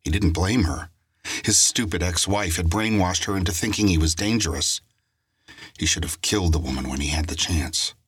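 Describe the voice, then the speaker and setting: In steady audiobook narration, a man reads a crime story from a script at a moderate pace. He has a very low voice with a husky grain, captured in a dry, close recording without room sound.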